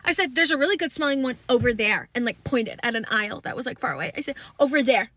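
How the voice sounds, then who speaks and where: A young woman telling a casual storytime into her phone, animated and laughing, swearing freely. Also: on the high side, fast, dry recording.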